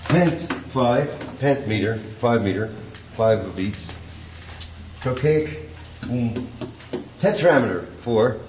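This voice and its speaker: A man's voice: mid-range voice, animated, slow pace. Man lecturing in an echoey classroom. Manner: chants rhythms in nonsense syllables, chuckles often. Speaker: poetry teacher. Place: classroom with a blackboard. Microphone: distant room recording. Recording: echoey classroom, distant mic, noisy tape.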